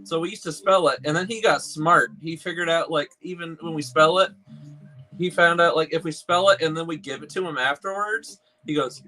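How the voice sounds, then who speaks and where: A man's voice: a little high, brisk, pushed and bright, rough recording. A man in casual chat who coos to his puppy in baby talk.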